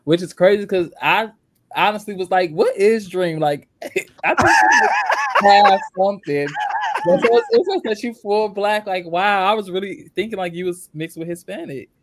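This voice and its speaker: Relaxed, slightly high-voiced man panelist. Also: moderate pace, a little hiss or hum. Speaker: podcast panelist. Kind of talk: casual panel chat.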